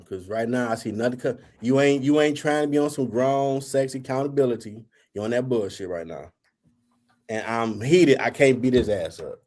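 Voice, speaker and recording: A man's voice: mid-range voice, moderate pace. A man hosting a talk show, telling a story in casual chat, acting out the dialogue and swearing freely. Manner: animated, acts out quoted dialogue, swears freely. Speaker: podcast host.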